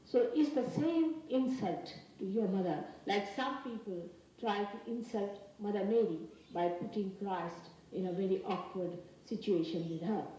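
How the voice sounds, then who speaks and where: Indian-accented woman, spiritual lecture, emphatic halting delivery, very echoey distant archival recording. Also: medium pitch, dark tone. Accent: Indian English. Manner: earnest, emphatic, slow halting phrases. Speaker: spiritual teacher. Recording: very echoey archival talk from a distance with faint noise.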